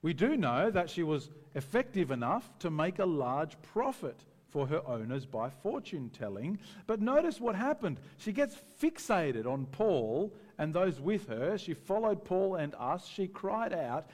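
A man preaching a sermon in a conversational, animated way, often acting out the voices of people in the story. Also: sits high, unhurried, hardly any pauses, big-room sound. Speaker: pastor.

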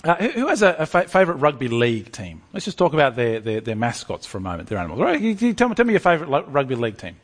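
Animated preacher with a lively voice. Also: male voice, mid-range voice, rapid-fire, few pauses, in a large hall. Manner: lively, animated, stammering restarts. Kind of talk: sermon.

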